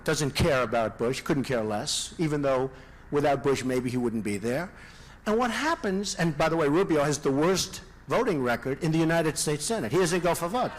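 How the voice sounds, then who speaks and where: A presidential candidate giving a rambling, off-the-cuff rally speech, repeating himself and throwing asides to the crowd. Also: male voice, sits high, a bit bright. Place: large indoor rally venue.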